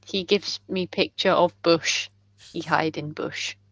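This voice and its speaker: A halting adventurer who talks in short, broken phrases, as a woman puts the voice on. The voice sits lower than her own and comes out clipped. The sound is close and dry. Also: fairly even intonation, creaky, fairly bright tone, dry recording, heavily acted. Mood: earnest.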